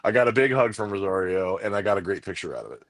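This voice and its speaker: A man co-hosting a podcast, telling a rambling, excited story full of quoted back-and-forth. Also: low-pitched, fast talker, no room sound. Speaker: podcast co-host. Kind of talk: casual chat, animated storytelling.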